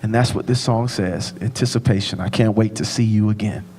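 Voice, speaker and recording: A man's voice: on the low side, fairly even intonation, brisk. A man who directs a choir, thanking people from the stage in an informal, direct way. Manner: warm, informal, addresses audience directly. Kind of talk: concert thank-you speech. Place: large concert hall with audience. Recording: long hall reverb, audience sounds.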